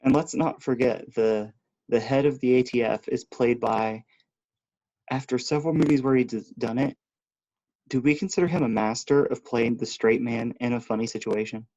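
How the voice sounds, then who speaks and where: A man co-hosting a podcast in casual chat, measured and often murmuring agreement. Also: medium pitch, steady tone, vocal fry, a little mellow, muffled recording. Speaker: podcast co-host. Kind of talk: casual chat about films.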